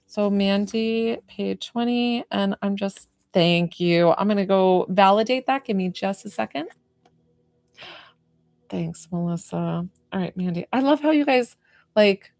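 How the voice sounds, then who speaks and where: A woman spiritual healer talking softly and soothingly on a live stream, gushing thanks to viewers and saying "like" a lot. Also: mid-range voice, measured pace, creaky, no echo, studio quality. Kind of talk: live-stream healing session.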